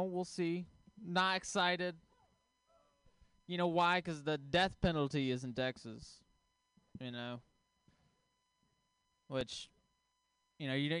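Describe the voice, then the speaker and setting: Deadpan male comic, smooth tone, slightly high. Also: no echo. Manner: deadpan, one-liners with pauses. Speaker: stand-up comedian. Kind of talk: stand-up set.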